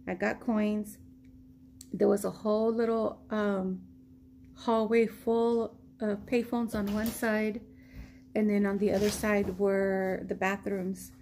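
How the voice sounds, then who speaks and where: An American woman from the United States vlogs a personal story casually in a slow, creaky, mid-range voice. She retells it animatedly, acting out what people said, over a slight hiss or hum.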